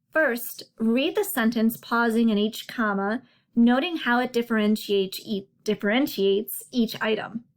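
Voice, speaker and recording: A woman narrating a slide lesson as a writing tutor, explaining patiently and slowing down to stress each example. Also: on the high side. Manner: clear, patient explaining with slow emphasis on examples.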